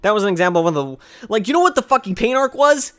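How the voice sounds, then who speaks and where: High-voiced man ranting to camera. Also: quick pace. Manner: animated, profane, exasperated ranting. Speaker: video creator answering viewer questions. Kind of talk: casual rant to camera.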